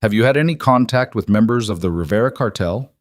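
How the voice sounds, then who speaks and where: A man voicing a bored older polygraph examiner who asks routine questions flatly. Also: fairly low pitch, fast, no echo, clean studio sound, lightly acted.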